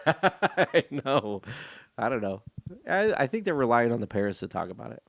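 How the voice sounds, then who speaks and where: A man's voice: mid-range voice, very animated, measured pace, vocal fry, no echo, studio quality. A man from California, a comedian and podcast guest, chatting casually with a profane, joking manner and frequent laughs. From Stockton, California, USA.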